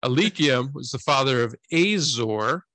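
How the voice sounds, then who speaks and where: Man cohosting a faith podcast, bright voice, joking around, dry close mic. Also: mid-range voice, expressive, unhurried, no room sound. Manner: joking, playful, mispronounces names. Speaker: podcast co-host. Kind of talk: casual chat.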